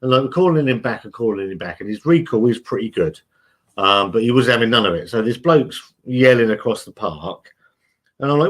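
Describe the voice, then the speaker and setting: A man's voice: medium pitch, animated, a little fast. A man hosting a casual live stream from home, reading out chat messages in a chatty, blunt, sweary way and calling everyone mate.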